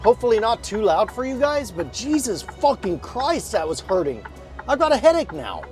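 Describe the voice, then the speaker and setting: A man with a high, lively voice narrates his gameplay live, cursing freely as things go wrong. His talk swoops up into sharp outbursts and back down. Game music plays clearly behind him. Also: moderate pace. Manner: swears often, exasperated outbursts. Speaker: streamer.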